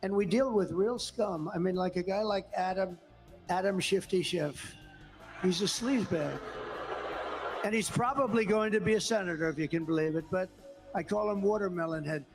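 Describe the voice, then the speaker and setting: Man, interview guest, emphatic, repetitive, raspy fry, faint music behind. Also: sits high, normal speed. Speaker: politician guest. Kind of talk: interview conversation.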